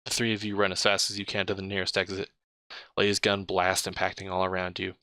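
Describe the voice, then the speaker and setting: Male reader, casual interactive-story narration, bright tone, dry close sound. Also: sits low, monotone, a little fast, smooth, no echo. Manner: chatty, comments on his own slips and laughs mid-read. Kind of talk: casual read-aloud narration.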